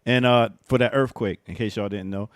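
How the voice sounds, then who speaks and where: A man working as a radio DJ, giving hyped shout-outs. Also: lowish voice, fairly even intonation, a little fast, no echo, studio quality. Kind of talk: radio DJ banter. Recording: music playing behind. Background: music.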